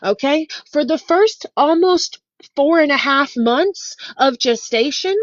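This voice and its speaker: A woman's voice: high-pitched, lively intonation, slow pace, no echo, muffled recording. A woman in an online debate, speaking assertively and lecturing point by point.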